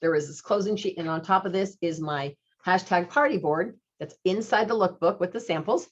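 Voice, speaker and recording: A woman's voice: fairly low pitch, expressive, moderate pace, muffled recording. A woman giving a chatty, upbeat sales training talk, acting out phone calls with customers as she teaches. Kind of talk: instructional talk with retold dialogue.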